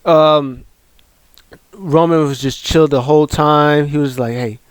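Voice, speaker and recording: Casual recap host: a man, rambling and excitable, in a dry, close recording. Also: fairly high pitch, a little slow, clean tone, no echo. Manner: excitable, rambling with many fillers and restarts. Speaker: wrestling show recap host. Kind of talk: casual video commentary.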